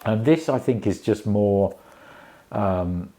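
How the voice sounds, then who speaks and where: A man's voice: on the low side, lively intonation, slow, mellow. A man casually reviewing a vinyl album, rambling with many fillers and restarts.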